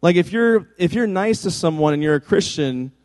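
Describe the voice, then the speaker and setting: A man delivers a sermon as pastor, chatty and joking rather than formal. His voice sits a bit high for a man. It rings out in a large hall with a long echo tail. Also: animated, moderate pace, darkish tone. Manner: conversational, joking asides.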